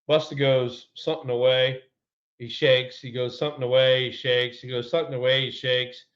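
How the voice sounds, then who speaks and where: A man's voice: mid-range voice, level tone, moderate pace, lo-fi sound. Heated profane man telling a story. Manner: heated, profane, acts out his own shouting. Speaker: podcast co-host, former baseball player. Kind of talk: casual sports storytelling.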